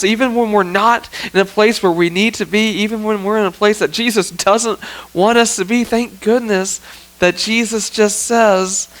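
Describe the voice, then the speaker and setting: A low-quality recording captures a male pastor preaching in a church sanctuary with a high, somewhat bright voice. He sounds earnest and conversational, regularly reaching for "I mean" and "you know what."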